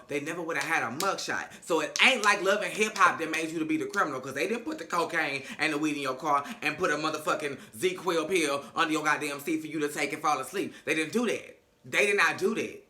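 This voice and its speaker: A man's voice: fairly high pitch, a little fast, bright, forceful tone, a little hiss or hum. A man recapping reality TV in casual commentary, sassy, gossipy and full of cursing. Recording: echoey room.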